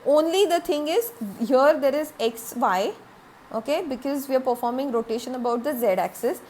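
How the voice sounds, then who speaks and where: A woman's voice: high-pitched, normal speed, darkish tone, a little hiss or hum. A woman giving a recorded classroom lecture, explaining step by step, repeating points, with frequent "okay" and "uh".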